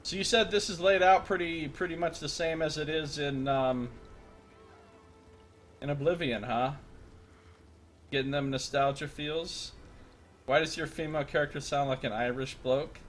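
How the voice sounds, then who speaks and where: A man's voice: a little high, steady tone, normal speed, long pauses, slight background noise. Jokey man streaming a game. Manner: jokey, rambling, loud outbursts. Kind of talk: casual gameplay commentary.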